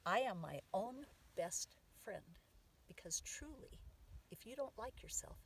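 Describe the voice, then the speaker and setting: A woman teaching a family practice in a casual way, saying the affirmations out loud with emphasis while outdoors on a sand dune. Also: mid-range voice, expressive, measured pace, far from the mic, slight background noise, rough recording. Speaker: mother teaching the medicine wheel.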